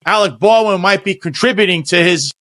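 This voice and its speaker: A man hosts a casual interview and rambles eagerly, restarting his sentences as he goes. His voice sits a little high. The sound is dry and close. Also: a little fast, a bit bright, no room sound. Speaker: podcast host.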